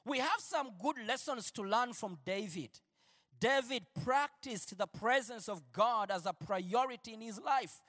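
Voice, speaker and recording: A male preacher giving an impassioned sermon, shifting between quiet lines and shouted declarations. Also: very high voice, lively intonation, measured pace, in a large hall.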